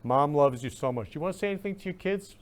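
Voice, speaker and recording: A man's voice: on the high side, expressive, quick pace. A male talk-show host in live-stream chat, effusive and emotional, repeating loving greetings over and over. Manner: emotional, gushing.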